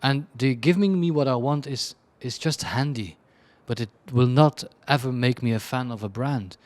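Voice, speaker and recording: Man, creative director being interviewed, chaotic and blunt, ordinary mid-range pitch. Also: normal speed, a little mellow. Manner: chaotic, rambling, frequent restarts and laughs; blunt and self-deprecating. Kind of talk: candid conversational interview answers.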